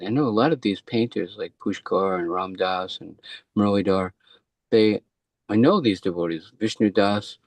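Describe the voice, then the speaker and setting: A man giving a soft, meditative devotional talk. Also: fairly low pitch, no echo. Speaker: speaker in class.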